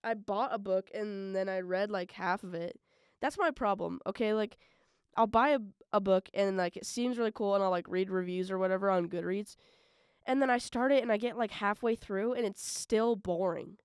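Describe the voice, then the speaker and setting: Young woman rambling on her own podcast, super smooth clear voice, dry close mic, says like a lot. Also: mid-range voice, moderate pace, dry recording. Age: young adult. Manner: chatty and rambling, lots of "like" and "bro"; animated, swings between loud bursts and mumbled asides. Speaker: college radio podcast host. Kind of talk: casual solo podcast chat.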